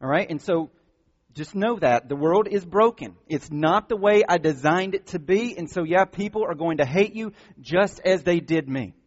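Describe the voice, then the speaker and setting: Male pastor, fairly high voice, emphatic sermon delivery, long church-hall reverb on a dull recording. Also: moderate pace. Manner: emphatic, repeats points with frequent "all right?".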